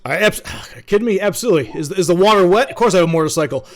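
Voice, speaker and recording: A man's voice: high voice, animated, crowd noise. A man co-hosting a casual podcast, joking and often restarting his sentences. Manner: fast, stammering restarts, joking. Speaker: podcast co-host, veteran.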